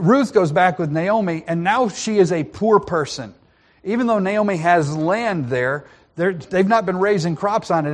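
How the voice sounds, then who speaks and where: A man preaching a sermon, retelling a Bible story with playful asides and frequent restarts. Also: on the high side.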